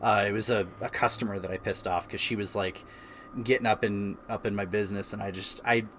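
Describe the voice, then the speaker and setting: A man's voice: fairly low pitch, fairly even intonation, fairly quick, a bit bright, slight background noise. Rambling man in his thirties chatting. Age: 30s. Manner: rambling storyteller, many restarts and chuckles. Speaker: streamer host. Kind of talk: casual chat. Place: home, by a fireplace.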